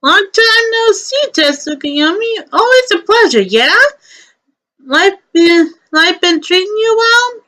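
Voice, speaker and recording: A woman's voice: very high-pitched, very animated, slow pace, sharp tone, voice pushed up, exaggerated voice. A woman doing Omi, a breezy, eager male rabbit. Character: busy, friendly male rabbit courier and would-be chef.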